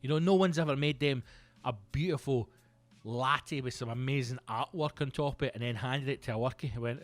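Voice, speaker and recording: A Scottish comedian in his thirties hosting a podcast, rambling through a casual comic monologue that is full of swearing and breaks into loud outbursts. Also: medium pitch, fairly quick, no echo. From Scotland. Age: 30s. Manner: sweary, rambling, animated bursts into loud exclamations.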